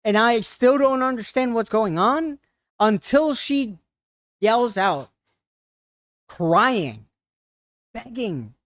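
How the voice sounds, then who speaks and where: A man on a livestream retelling an upsetting encounter in a halting, shaken way, with many restarts. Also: very high voice, lively intonation, fairly bright tone, no echo, clean studio sound. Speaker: streamer. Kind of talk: casual storytelling on a livestream.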